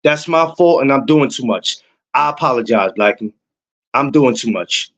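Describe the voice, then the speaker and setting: A young man hosts a livestream in a casual, hyped way. He answers viewers in chat and circles back over the same words again and again. His voice sits at an everyday middle pitch. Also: moderate pace. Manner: excitable, repeats himself, talks to chat viewers. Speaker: podcast host.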